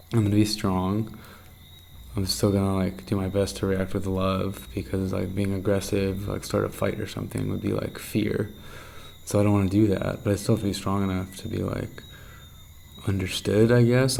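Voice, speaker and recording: Gravelly young man in a rambling video diary. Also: slight background noise, poor audio. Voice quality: gravelly, low-set voice. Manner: rambling, intense, swears a lot, drops to hushed half-whispers. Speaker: vlogger. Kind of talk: candid late-night video diary.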